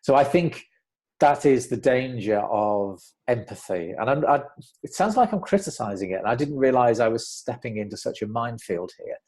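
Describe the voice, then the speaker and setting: A man who is an author, speaking as a guest in a conversational interview in a measured, reflective way. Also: medium pitch, animated, darkish tone.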